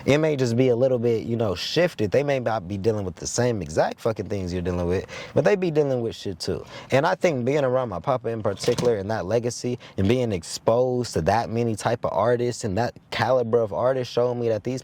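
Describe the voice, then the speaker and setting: Young male host, casual storyteller, profane and excitable, keeps checking in with the listener. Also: mid-range voice, a little fast, few pauses. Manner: loose, profane, with repeated filler questions; animated, stumbling restarts when excited.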